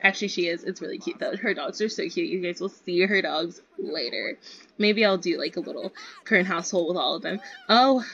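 A young woman who makes gaming videos chats and giggles through commentary on her own gameplay. Her voice sits on the low side, fairly quick and gravelly, with a fairly bright, slightly rough tone, and the recording sounds slightly dull and lo-fi.

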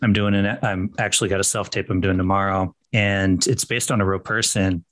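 A man's voice: sits low, fairly even intonation, fairly quick, a bit bright. A man hosting a casual interview podcast, asking chatty, rambling questions with frequent restarts. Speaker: podcast host.

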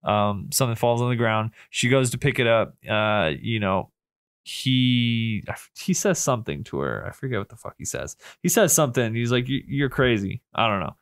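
A man's voice: medium pitch, expressive, moderate pace, a bit bright, clean tone, dry recording, clean studio sound. A man co-hosting a horror movie podcast, casually retelling scenes with lots of swearing and laughter. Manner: profane, laughing, retells scenes in quoted voices. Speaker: podcast co-host. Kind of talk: casual movie review chat.

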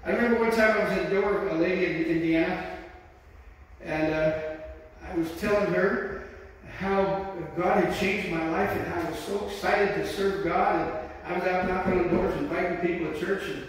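A man's voice: high-pitched, steady tone, moderate pace. An older man preaching a sermon as pastor, testifying about his life and often breaking into "praise God" and "amen". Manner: testifying, repeats praise phrases. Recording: echoey hall from far off.

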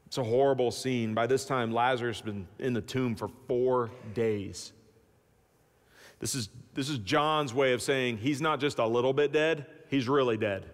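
A man preaching a sermon as pastor, telling the story in an animated, folksy way with humorous asides. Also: normal speed. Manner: animated storytelling with big swings in pitch and loudness. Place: church sanctuary. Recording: long church-hall reverb.

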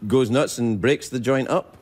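A man's voice: mid-range voice, darkish tone. A man with a Scottish accent hosting a late-night talk show, bantering and teasing his guest in a playful way. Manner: teasing, playful, quick asides. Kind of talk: joking studio banter. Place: TV studio with live audience.

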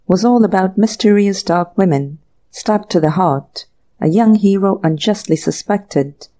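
A woman narrating an audiobook mystery story in an even, measured storytelling manner. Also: fairly low pitch. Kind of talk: scripted narration.

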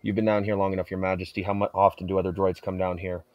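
A man's voice: low voice, little pitch movement, quick pace, no room sound, lo-fi sound, soft background music. A man playing his character in a tabletop game, speaking sternly and with threats, often restarting his sentences. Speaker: player. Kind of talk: in-character tabletop role-play.

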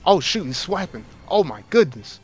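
Animated, exasperated gamer man. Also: a little high, normal speed, husky, soft background music. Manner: exasperated, swings between grumbling and loud outbursts; casual slang, repeats himself. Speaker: gaming video host. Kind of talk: let's play commentary.

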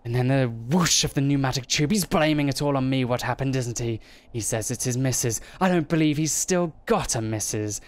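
A man's voice: mid-range voice, a little fast, few pauses, close to an everyday voice. A man reading aloud as a paranoid male diarist who is losing his grip, muttering his suspicions.

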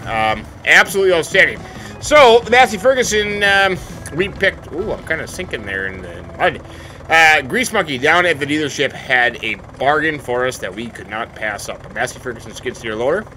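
A man's voice: fairly high pitch, normal speed, slight background noise. A man giving casual gameplay commentary as a folksy, hammy farmer character full of exclamations. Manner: folksy, hammy farmer persona with stock catchphrases; animated, exclaiming. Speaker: let's play host.

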